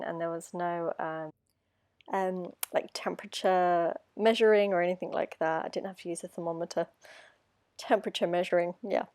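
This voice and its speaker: A woman with a British accent chats her way through a baking vlog. Her voice is dark and mellow, roughened by hay fever, and she rambles comfortably between steps. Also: lowish voice. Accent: British English. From England. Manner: chatty and rambling, lots of ums. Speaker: home baker vlogger. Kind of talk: casual baking vlog chat.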